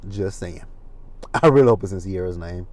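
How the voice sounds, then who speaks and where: A man with a deep, slightly mellow voice hosts a casual reality TV recap at a moderate pace. His commentary is chatty and gossipy, full of asides and profanity.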